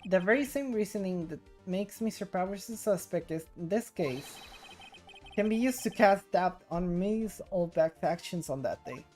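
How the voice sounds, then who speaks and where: A woman's voice: mid-range voice, lively intonation, normal speed, darkish tone, soft background music, natural voice. A woman reading a confident young lawyer. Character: earnest young male defense lawyer.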